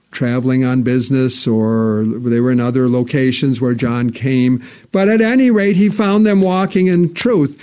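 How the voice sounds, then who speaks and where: With a mellow voice, a pastor gives an earnest sermon in a church, rising on important phrases and slowing to a low register for the solemn parts.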